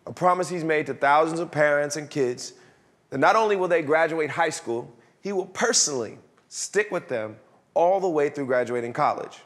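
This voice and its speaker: Bright-voiced male host. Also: fairly high pitch, moderate pace. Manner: warm, admiring introduction. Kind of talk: introducing a speaker.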